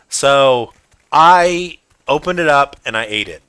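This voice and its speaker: Gaming guy rambling thru stories, slow talker, lots of ums, bright kinda lowish voice. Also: lively intonation, clear, resonant tone, dry recording. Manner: rambling, self-deprecating, many ums. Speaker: gaming channel host. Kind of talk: casual storytelling over gameplay.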